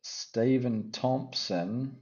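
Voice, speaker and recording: A man talking through his fight picks in a put-on Australian accent, rambling and thinking out loud as he second-guesses himself. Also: mid-range voice, extremely slow, highs cut off. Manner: rambling, thinking aloud, self-correcting. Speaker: MMA fight picks commentator. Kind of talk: casual fight-pick chat.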